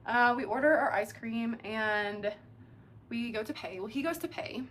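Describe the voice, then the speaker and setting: A young adult woman telling a dating story in a casual, animated way, with lots of "like" fillers. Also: fairly high pitch, normal speed. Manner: chatty, animated, heavy use of filler "like".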